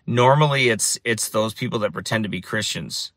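A man's lowish, slightly bright voice at normal speed comes through with a little hiss or hum. A street preacher, he tells stories in a casual monologue, repeating and restarting phrases for emphasis.

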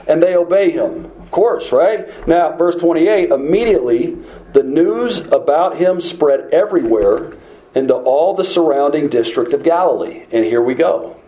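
A man preaching through scripture in a relaxed, conversational manner. His voice sits high but sounds mellow and warm. He often stops to ask his listeners rhetorical questions. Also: poor audio. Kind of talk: bible teaching sermon.

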